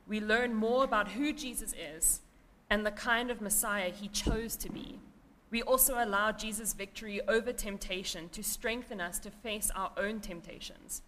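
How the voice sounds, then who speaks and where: Woman, sermon, calm measured delivery, hall reverb, faint room noise underneath. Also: medium pitch.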